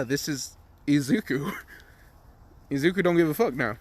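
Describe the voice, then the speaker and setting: A man's voice: a little high, expressive, moderate pace, a bit bright. A young man casually improvising a crude fan story, rambling, swearing a lot and laughing at his own jokes.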